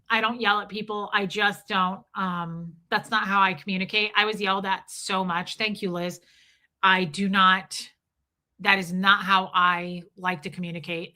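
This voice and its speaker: A woman's voice: medium pitch, bright, forceful tone. A woman hosting a casual livestream, telling a personal story in a candid, emphatic way. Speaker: livestream host.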